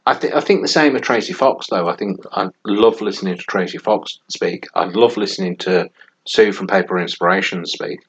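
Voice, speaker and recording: A man's voice: low voice, fairly quick, a bit bright, slightly rough. A man co-hosting a podcast in casual, rambling chat, often laughing as he talks. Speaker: podcast co-host. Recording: dull lo-fi audio with faint noise.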